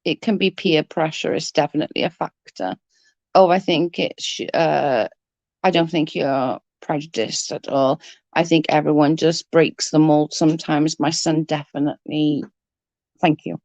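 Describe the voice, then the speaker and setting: A woman's voice: sits low, fairly even intonation, normal speed, a little mellow, no echo, highs cut off. A middle-aged British woman chatting casually with viewers on a livestream, rambling as she answers comments.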